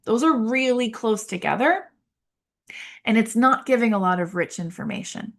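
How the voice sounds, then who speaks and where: Young woman, podcast host explaining therapy, chatty with lots of fillers, vocal fry. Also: on the high side, expressive, moderate pace. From Baltimore. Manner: chatty, many fillers and tangents. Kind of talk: casual educational talk.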